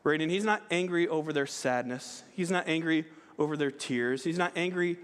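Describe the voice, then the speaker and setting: A man with a fairly high voice preaches in a church sanctuary. He talks conversationally, with frequent restarts and a checking "right?". Long reverb from the hall trails behind him. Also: normal speed, clear, resonant tone. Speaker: pastor. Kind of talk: sermon.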